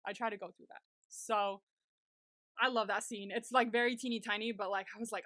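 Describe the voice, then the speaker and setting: On a podcast she co-hosts, a young woman recaps a TV episode, gushing and chatting casually with "like" in nearly every line. Her medium-pitched, slightly bright voice moves fairly quickly with fairly even intonation, recorded in studio quality with no room sound.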